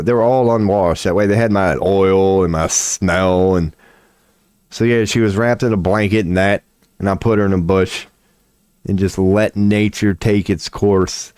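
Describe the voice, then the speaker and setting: A man's voice: sits low, steady tone, normal speed, a little mellow, clear, resonant tone, dry recording, clean studio sound. A man, rambling casually on a stream at home, profane and self-mocking. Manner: profane, laid-back, self-mocking with frequent laughs.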